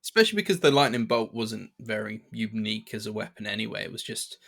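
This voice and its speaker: A man's voice: fairly low pitch, expressive, fast talker, creaky, a bit bright. A man co-hosting a podcast, chatting casually about a film and often restarting his sentences. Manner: hesitant, many restarts and fillers. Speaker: podcast co-host. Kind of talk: casual film review chat.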